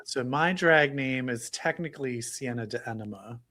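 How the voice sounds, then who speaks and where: A man's voice: mid-range voice, moderate pace, sharp tone. A man co-hosting a casual podcast, teasing and joking with his partner. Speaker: podcast co-host.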